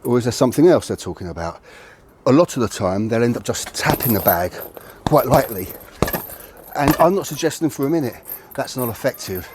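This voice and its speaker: A man's voice: mid-range voice, lively intonation, a little fast, background noise. A man explaining punching technique in a conversational, self-correcting way, a little out of breath. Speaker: martial arts instructor. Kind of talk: explanatory video lesson. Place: outdoors near a tree.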